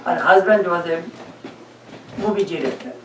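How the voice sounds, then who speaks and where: A man's voice: sits high, expressive, moderate pace, noisy background. A man, a monk, telling humorous anecdotes in a talk to an audience, often laughing. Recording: echoey room, mic far off.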